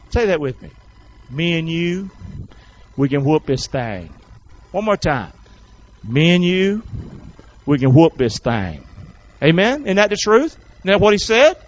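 A preacher man with a high, lively voice who leans on slow, drawn-out phrases. He leads the congregation in call-and-response, swinging from shouts down to low asides. The recording is dull and lo-fi. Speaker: pastor. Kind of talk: sermon.

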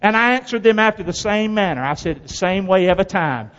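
A male pastor preaching a sermon in a folksy call-and-response style, his delivery swinging from loud to hushed. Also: high voice, expressive, fast. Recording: dull sound with long hall reverb.

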